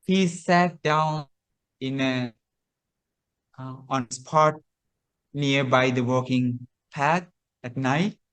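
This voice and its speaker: A man, a Buddhist monk, telling a teaching story in a sermon, slow and repetitive with hesitant restarts. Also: medium pitch, fairly bright tone, clean tone.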